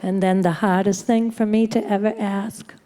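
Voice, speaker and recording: In a hotel conference room, a woman tells a live audience a funny story about her own recovery, sounding wry, laughing often and acting out the people she quotes. Her mid-range voice is warm and fairly even in intonation at a moderate pace, with a little hiss or hum in the background.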